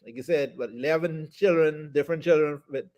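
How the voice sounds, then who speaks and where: Male talk co-host, slightly high voice, relaxed and chatty. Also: fairly quick. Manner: easygoing, laughs often, many fillers. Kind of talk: casual chat.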